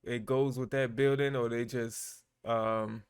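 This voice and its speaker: Man, vlog host, relaxed casual commentary, unhurried delivery, mid-range voice. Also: medium pitch, clear, resonant tone. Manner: laid-back, chatty, with frequent fillers and laughs. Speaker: vlogger and host.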